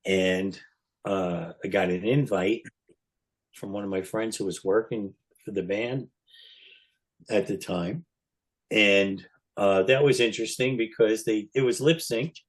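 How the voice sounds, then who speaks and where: A man, a podcast guest, telling an animated story and acting out the quotes loudly. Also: fairly low pitch, measured pace, pauses often.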